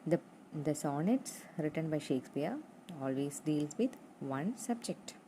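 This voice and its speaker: Young woman teaching a lit class, low mellow voice, faint hiss behind. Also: animated, low-quality recording. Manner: slow and repetitive, spelling out points with fillers. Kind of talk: literature lesson.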